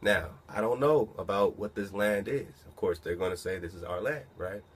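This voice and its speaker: A man with a low, husky voice reads a legal-sounding document slowly, then breaks off to comment on it. He talks casually and keeps asking rhetorical questions. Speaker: commentator reading a document aloud.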